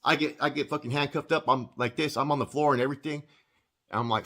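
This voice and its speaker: Husky-voiced man, blunt and profane, casual storyteller. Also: a little high, fast, bright, forceful tone. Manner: profane, blunt street talk. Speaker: former inmate telling his story.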